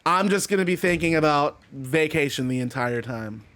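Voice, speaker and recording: A man giving excited, casual play-by-play commentary on a wrestling video game he is playing, shouting at the big moments. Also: fairly high pitch, normal speed. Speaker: gamer commentating his own matches.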